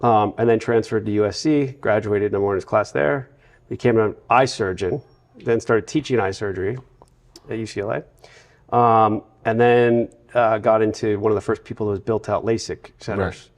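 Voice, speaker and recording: Guy with a lowish voice, podcast guest, rambling on about family stories. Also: steady tone, moderate pace. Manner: rambling, anecdotal, long run-on retelling. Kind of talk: casual interview storytelling.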